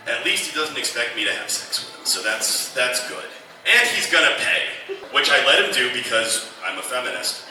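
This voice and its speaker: A man's voice: mid-range voice, very animated, moderate pace, noisy background. A man doing a stand-up routine on a club stage, telling dry, ironic stories with quoted asides. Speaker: stand-up comedian. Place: comedy club stage before a live audience. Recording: echoey club room, from a distance, audible audience.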